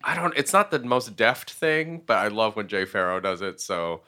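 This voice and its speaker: Lively, bright-sounding man on a podcast. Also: on the low side, moderate pace. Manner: animated, hesitant with restarts. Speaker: regular podcast guest. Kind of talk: casual chat.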